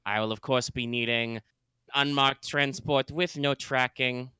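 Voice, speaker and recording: A man's voice: mid-range voice, fairly even intonation, quick pace, smooth, no room sound, close to an everyday voice. A man putting on a suave, mock-polite villain. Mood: smug. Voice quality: vague put-on space European accent. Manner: pompous, overly courteous.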